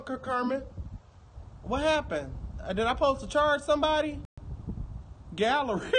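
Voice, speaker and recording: A man's voice: very high-pitched, measured pace, a bit bright, slight background noise. A man with a Detroit accent doing a livestream, chatting with viewers in a brash, profane, teasing way. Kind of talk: casual livestream chat.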